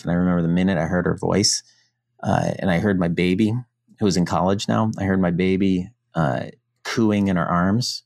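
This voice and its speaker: A middle-aged man from the United States, a podcast guest telling his story in a frank, animated, casual way, swearing now and then. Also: sits low, gravelly, no echo, clean studio sound.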